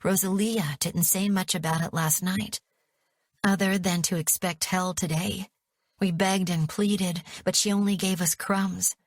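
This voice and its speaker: Woman reading an audiobook, slow and dramatic, dry close sound. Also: on the low side, steady tone, no room sound. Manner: measured, dramatic. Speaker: audiobook narrator. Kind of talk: first-person audiobook narration.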